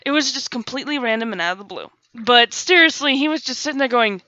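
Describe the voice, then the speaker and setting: A woman's voice: sits high, animated, fast, few pauses, bright, forceful tone, no echo. A young woman hosting a gaming video, telling a rambling, self-mocking story with giggles. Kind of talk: storytelling over gameplay. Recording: dull lo-fi dry recording.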